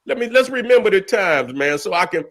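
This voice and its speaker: A man's voice: sits high, very animated, brisk, a bit bright. A middle-aged man giving a profane, repetitive, preachy commentary rant as host. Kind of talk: ranting commentary.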